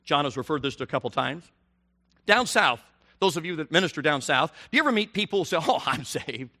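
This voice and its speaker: A middle-aged man preaching a sermon, animated and rising to near shouts on his emphatic questions. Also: on the high side, quick pace.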